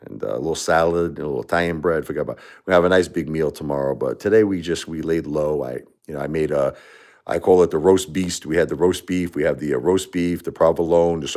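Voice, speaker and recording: A man's voice: rumbling low, a little mellow. A middle-aged man hosting a livestream, talking in a rambling, heartfelt, conversational way. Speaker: livestream host. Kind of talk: casual livestream talk.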